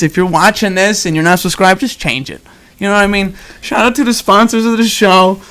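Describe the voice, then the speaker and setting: A man's voice: sits high, a bit bright. A young man hosting a casual podcast, exuberant and chatty, laughing often. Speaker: podcast host. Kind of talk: excited casual podcast chat.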